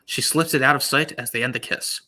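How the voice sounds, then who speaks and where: A man's voice: mid-range voice, fairly even intonation, sharp tone. A man co-hosting a comedy podcast, reading his own script aloud with playful stumbles. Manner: playful, stumbling, quick to laugh.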